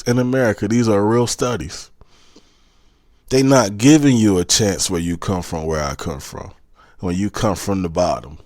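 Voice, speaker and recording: On his podcast, a South Carolina man with a Southern accent gives a preachy pep talk, pressing the same urgings again and again. The voice sits on the low side, and the studio sound is clean with no echo.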